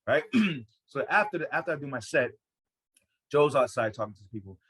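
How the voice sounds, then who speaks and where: A man's voice: medium pitch, husky. An American man, a stand-up comedian, telling a story in casual chat, profane and full of restarts. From United States. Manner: fast, profane, animated storytelling with many restarts.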